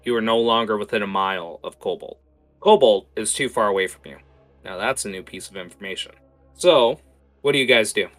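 A man narrating a tabletop game as its game master, animated and full of filler words. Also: on the low side, fairly quick, faint music behind.

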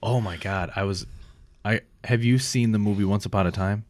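Laughing, cursing podcast guy with a low voice. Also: moderate pace, a little mellow, no room sound. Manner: swears often, laughs a lot, restarts sentences. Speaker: podcast co-host. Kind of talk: casual banter.

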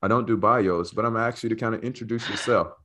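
Playful low-voiced podcast host. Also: male voice, quick pace, a bit bright, a little hiss or hum. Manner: playful, teasing and talkative. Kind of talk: casual interview chat. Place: away from his studio, on the road.

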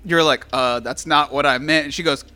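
Guy with a high bright voice, joking around telling a story, faint music. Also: steady tone, fairly quick, clear, resonant tone. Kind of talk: casual chat.

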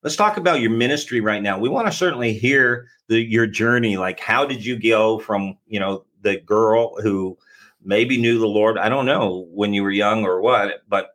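A man's voice: lowish voice, normal speed, fairly bright tone. Guy hosting an interview, kinda rambles his questions, lots of like and you know. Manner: loose, rambling questions with fillers. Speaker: interview host. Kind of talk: casual interview.

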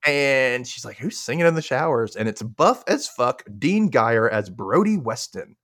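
A young man from Mississippi, hosting his podcast, recaps a show in relaxed chat while acting out the characters, animated and quick to laugh. His mid-range voice runs a little slow, and the recording is dry with clean studio sound.

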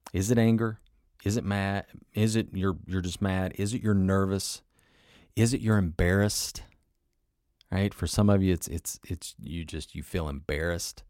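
A very low-pitched man talks through a self-help episode in a relaxed, conversational way. He asks rhetorical questions, repeats his phrases, and now and then acts out an inner voice. The sound is dry and close, with no room echo. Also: unhurried, long pauses. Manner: acts out inner voices in short quoted asides. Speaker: podcast host. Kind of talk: motivational self-help talk.

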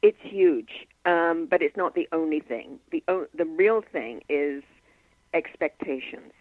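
A woman hypnotist, a guest in an interview, who tells client stories in an animated way and acts out the quotes. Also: deep voice, a little slow, no echo. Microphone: telephone. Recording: tinny dry phone line.

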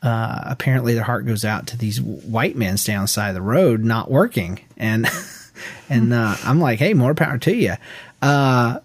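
A man in his thirties co-hosting a podcast in casual chat, telling stories with lots of restarts and quick laughs. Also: mid-range voice, no room sound. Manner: rambling storyteller with many restarts and laughs. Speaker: podcast co-host.

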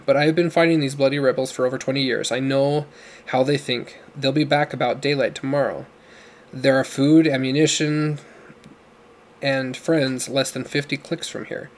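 A man voicing a gruff, commanding older father who talks in a booming, demanding way. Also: steady tone, normal speed, lightly acted. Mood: patronizing.

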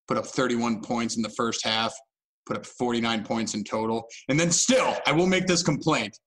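A man's voice: mid-range voice, fairly bright tone, rough recording. A young man co-hosting a podcast, telling a story in a casual, self-mocking way. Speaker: podcast co-host. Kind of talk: casual chat.

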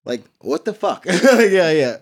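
A man's voice: sits high, very animated, slow, slightly rough. A young man hosting a podcast, talking animatedly with lots of swearing and fillers. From New Jersey, US. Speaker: podcast host. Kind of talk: casual chat.

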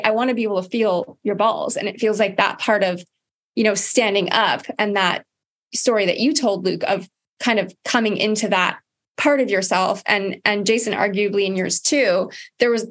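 A woman hosts a casual podcast chat in a voice of ordinary middle pitch. She speaks reflectively, pausing to search for her words and trailing through loose phrases. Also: fairly bright tone. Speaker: podcast host.

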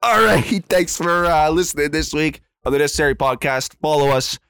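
A man's voice: a little high, moderate pace, smooth, no echo. A man co-hosting a casual podcast, telling a story with lots of swearing and laughter. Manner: profane, laughing, animated storyteller. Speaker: podcast co-host.

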